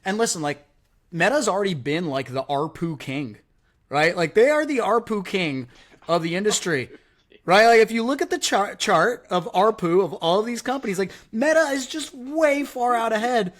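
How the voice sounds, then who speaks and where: A podcast host with a high voice talks at normal speed, casual and animated. He fills his energetic speech with lots of "like" and "right?".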